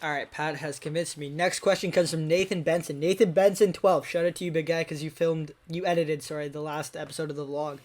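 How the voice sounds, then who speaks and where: A man's voice: fairly high pitch, fairly even intonation, fairly quick, hardly any pauses, a little mellow. Laid-back young male podcast host. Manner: laid-back, upbeat, reads listener questions. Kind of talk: casual chat.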